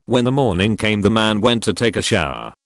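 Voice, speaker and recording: A man narrating forum stories in a steady, even scripted read. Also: lowish voice, fairly quick, no room sound.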